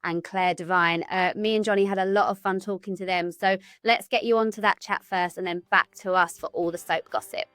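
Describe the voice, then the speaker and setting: A woman hosting a chatty interview over a video call, bubbly and excitable. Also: mid-range voice, fairly quick, hardly any pauses, clean tone, no echo, clean studio sound. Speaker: interview host.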